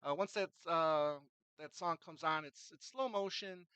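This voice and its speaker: A man's voice: on the high side, a little slow, pushed and bright, clean tone, no room sound, low-quality recording. A man casually reviewing a film, retelling its scenes in a rambling way with many fillers and restarts.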